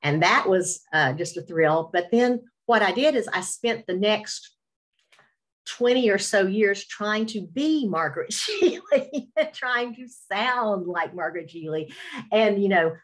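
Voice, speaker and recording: Speaking over a webinar video call, this middle-aged Virginia woman, a radio host with an Appalachian Southern accent, tells her personal testimony with self-mocking humor and references to her faith. Her mid-range voice is expressive, and she keeps a measured pace.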